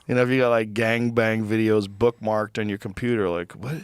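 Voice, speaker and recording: A man's voice: lowish voice, fairly even intonation, normal speed, smooth, dry recording. A man hosting a podcast in casual chat, musing bluntly with lots of "like" fillers. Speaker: podcast host.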